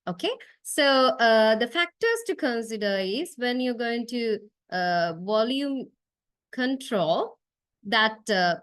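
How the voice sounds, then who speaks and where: A woman's voice: a little high, dry recording. A woman lecturing to a class, explaining step by step with frequent uh fillers and a questioning "right?" tag. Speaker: university lecturer.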